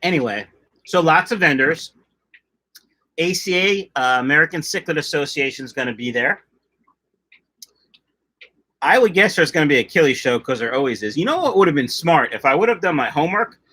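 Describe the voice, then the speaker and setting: A man's voice: on the high side, expressive, a little fast, pauses often, bright, forceful tone, slightly rough. A middle-aged man hosting a casual livestream, chatting loosely and reading out viewer comments in a jokey way. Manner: chatty, jokey, drifts off topic. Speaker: livestream host of a fish-keeping channel.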